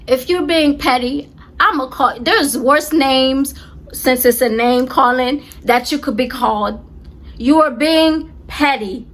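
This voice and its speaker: A woman in her twenties telling a storytime vlog, emphatic and animated, on the verge of tears. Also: high voice, slow. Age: 20s. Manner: animated, emphatic retelling with many repeats. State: close to tears. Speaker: vlogger.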